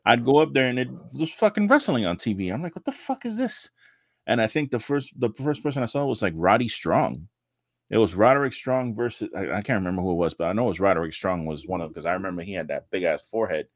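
A man on a casual wrestling podcast, telling animated stories, swearing freely and acting out the people he quotes. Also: on the low side, quick pace, no echo, clean studio sound. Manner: animated storytelling, heavy swearing, acts out quotes.

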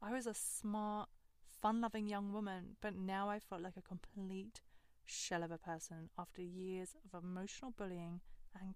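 A woman's voice: mid-range voice, fairly bright tone, clean tone, no echo, clean studio sound. A young woman hosting a storytelling monologue, candid and sardonic, swearing freely. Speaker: host.

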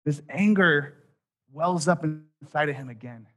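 A man in his thirties preaching a sermon, telling a story with quoted voices and dropping soft at key points. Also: fairly high pitch, a little slow. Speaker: pastor.

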